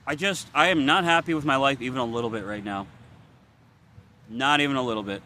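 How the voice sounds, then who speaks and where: A man's voice: medium pitch, fairly quick, sharp tone, slight background noise. A young man venting in a confessional vlog, frustrated, weary and swearing bluntly as he talks. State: weary and worn out. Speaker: vlogger.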